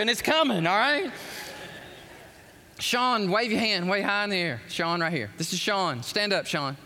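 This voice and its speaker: A man's voice: high voice, lively intonation, moderate pace, bright, forceful tone. A man preaching a live sermon to a congregation, impassioned and repeating words as he gets worked up. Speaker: pastor. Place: church hall with congregation. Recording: long reverb of a large hall.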